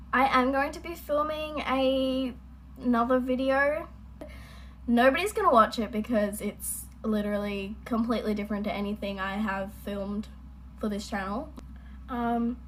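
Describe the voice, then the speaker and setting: A woman's voice: on the high side, fairly bright tone, slight background noise, poor audio. A young woman hosting a reaction video at home, chatting casually in a rambling, apologetic way. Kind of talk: casual chat. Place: at home, indoors.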